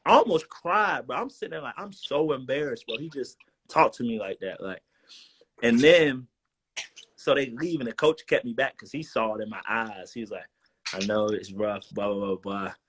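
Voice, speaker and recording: A man's voice: mid-range voice, normal speed, husky. Slangy young man telling a story. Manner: animated storyteller, slangy, acts out quotes. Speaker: guest, former college football player. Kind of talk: casual storytelling interview. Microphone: video call.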